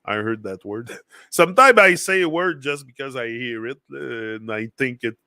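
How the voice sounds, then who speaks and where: A man's voice: medium pitch, lively intonation, normal speed, pushed and bright, dry recording, clean studio sound. A man whose first language is French, speaking English with a French accent, talking loosely and rambling on a casual motivational livestream full of fillers and restarts. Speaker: livestream host.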